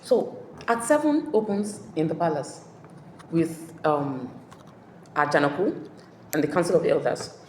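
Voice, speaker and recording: Woman literature tutor summarizing a play, halting with fillers, echoey room. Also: sits low, sing-song, a little mellow, slight background noise. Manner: hesitant, many fillers and comprehension checks. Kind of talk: exam-prep plot summary. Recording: echoey room with long reverb.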